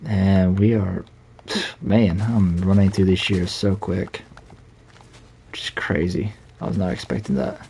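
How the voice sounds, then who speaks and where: A man's voice: deep voice, measured pace, creaky, warm tone, a little hiss or hum. A young man with a Southern US accent, chatting casually and rambling with many fillers while he streams a game. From Southern United States. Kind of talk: casual live-stream chat while playing.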